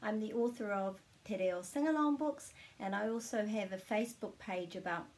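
A woman giving a friendly pronunciation lesson, sounding out words slowly and carefully. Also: mid-range voice, darkish tone. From New Zealand. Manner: slow, careful demonstration of each sound. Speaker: pronunciation teacher, author.

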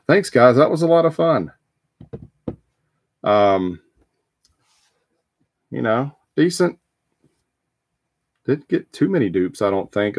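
A man's voice: on the low side, a little mellow, no room sound, studio quality. A man hosting a live trading card break, talking casually and rambling with frequent ums and restarts.

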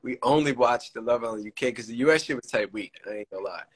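American guy hosting, blunt and chill, slangy, middle-pitched voice. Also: fast talker, slightly rough, poor audio. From United States. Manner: blunt, swearing, laid-back slang. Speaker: host. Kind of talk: casual interview chat.

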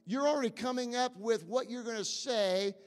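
A male pastor preaching a sermon, emphatic and questioning the congregation, with many fillers and restarts, rising to near shouts. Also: extremely high pitch, normal speed. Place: church sanctuary. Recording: long reverb of a church hall.

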